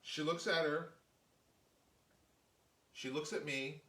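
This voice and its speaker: Man, casual storytelling host, acts out quoted voices, bright tone, slightly high voice, roomy echo, distant mic. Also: fairly even intonation, takes it slowly. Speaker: show host, artist telling a story. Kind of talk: casual storytelling chat, live stream.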